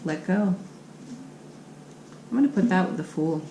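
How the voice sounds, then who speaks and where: A woman's voice: fairly low pitch, lively intonation, measured pace, dark tone, slight background noise. A woman giving a tarot card reading on her channel, speaking in an encouraging, affirming way. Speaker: tarot reader. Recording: echoey room with faint ambience.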